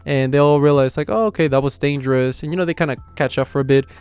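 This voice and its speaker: A young man excitedly recapping an anime episode in slangy, casual talk. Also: mid-range voice, fast talker, smooth, no room sound. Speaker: anime reviewer.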